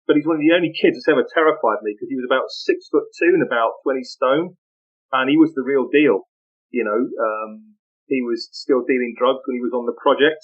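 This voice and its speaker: A man telling animated stories in a casual interview, often laughing as he talks, in muffled lo-fi audio. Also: mid-range voice, a little fast. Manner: animated, laughing, full of anecdotes. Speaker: podcast guest.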